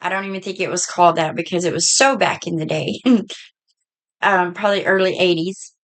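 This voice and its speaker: A middle-aged woman with a Southern US accent, a bit hoarse, chatting in a folksy way through a casual haul video. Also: fairly low pitch, steady tone, fairly quick. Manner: chatty, folksy, says y'all. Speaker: vlogger.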